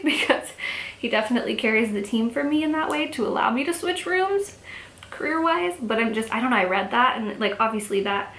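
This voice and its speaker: A young woman talks her way through a casual makeup vlog, reflective and chatty, with fillers all the way through. Her voice sits a little high. The room is echoey, with faint noise underneath. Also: fairly bright tone. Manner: chatty, reflective, many "like" and "you know" fillers. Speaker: makeup vlogger. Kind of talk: casual chat while doing makeup.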